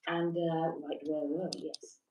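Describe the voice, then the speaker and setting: A woman's voice: low voice, noisy background. Chatty woman on a roomy livestream. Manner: chatty, giggly, reads comments aloud. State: stiff neck. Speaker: livestream co-host. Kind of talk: casual livestream chat, reading out viewer comments. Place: holiday accommodation in Wales. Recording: roomy echo, distant from the mic.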